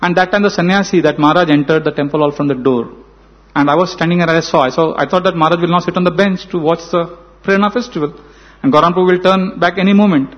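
Indian guy preaching, tells a story and acts out the lines, high voice, dull lo-fi sound. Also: fast talker. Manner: animated, acts out dialogue. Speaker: spiritual speaker. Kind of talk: storytelling sermon. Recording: dull lo-fi recording.

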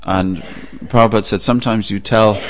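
A man preaching a sermon, telling a story with a relaxed, anecdotal manner and frequent pauses. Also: on the low side. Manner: anecdotal, with fillers. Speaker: religious preacher.

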